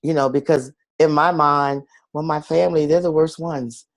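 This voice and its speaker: A man's voice: on the high side, steady tone, moderate pace, no room sound. A middle-aged man being interviewed, telling a personal story in an earnest, confessional way and acting out the voices of the people he quotes. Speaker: guest.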